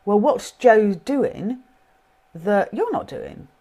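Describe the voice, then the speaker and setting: A woman's voice: mid-range voice, lively intonation, takes it slowly, warm tone. A middle-aged woman with a British accent giving an informal, earnest talk on parenting, thinking aloud as she goes. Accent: British English. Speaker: parenting coach.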